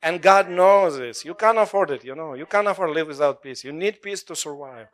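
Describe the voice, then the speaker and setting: Male preacher, slightly high pitch, animated, laughs between lines. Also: fairly quick. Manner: animated, laughing often, call-and-response with congregation. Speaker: pastor. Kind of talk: sermon.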